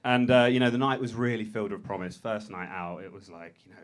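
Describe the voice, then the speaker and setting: A man's voice: fairly low pitch, fast. A man doing a stand-up set on a comedy club stage, self-deprecating and a bit hesitant.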